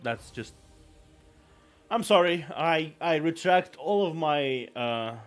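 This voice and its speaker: Rambling, apologetic man streamer, higher voice. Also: lively intonation, takes it slowly, soft background music. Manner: rambling, self-deprecating, often apologizing. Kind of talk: casual live-stream chat.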